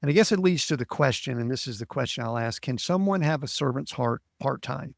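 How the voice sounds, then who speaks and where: A man hosting a podcast, asking thoughtful, measured interview questions. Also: mid-range voice, animated, vocal fry, no echo, clean studio sound. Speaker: podcast host.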